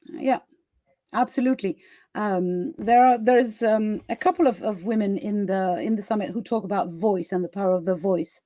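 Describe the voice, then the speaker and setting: A woman's voice: mid-range voice, moderate pace, warm tone, no echo. A woman hosting a live summit chat, casual and full of laughter, fillers and restarts, speaking over a video call. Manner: chatty, laughs often, many fillers and restarts. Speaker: summit host.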